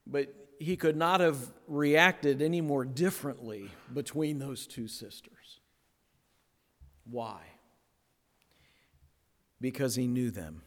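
A man preaching a sermon, pausing for effect and dropping to a near hush on key words, then building again. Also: medium pitch. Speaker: pastor. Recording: long hall reverb.

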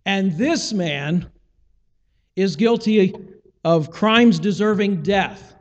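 A man's voice: sits high, animated, slow, big-room sound, lo-fi sound. A man preaching a sermon, teaching and asking rhetorical questions, acting out the voices he quotes.

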